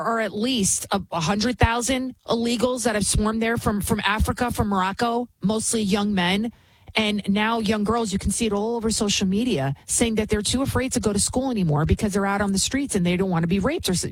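A woman's voice: a little high, husky, no echo, poor audio. A woman hosting a political commentary show, talking in an indignant, scornful way with many restarts. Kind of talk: opinionated commentary monologue.

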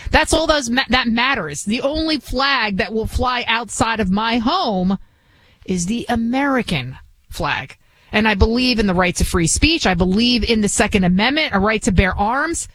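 A woman's voice: on the high side, lively intonation, normal speed, a bit bright, rough recording. A woman with a Bronx accent, whose first language was not English, guest-hosting a talk radio show in a chatty, rambling, emphatic way. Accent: New York, Bronx. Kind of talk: conversational talk radio monologue.

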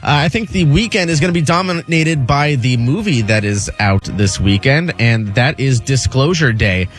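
A man's voice: mid-range voice, lively intonation, normal speed, faint music behind. Hesitant man giving entertainment news. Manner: casual, hesitant with many "uh"s. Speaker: entertainment segment contributor.

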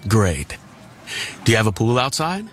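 A man's voice: lowish voice, sing-song, unhurried, slight background noise. A man acting a polite, upbeat neighbor in an ad dialogue. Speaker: actor in ad skit. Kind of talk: friendly ad dialogue.

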